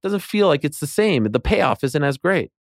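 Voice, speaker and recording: A man's voice: fairly high pitch, very animated, normal speed, vocal fry, dry recording, studio quality. A man in his late thirties, a podcast guest in casual sports chat, talking with passion and building into rants. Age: late 30s. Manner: passionate, rants with rising intensity.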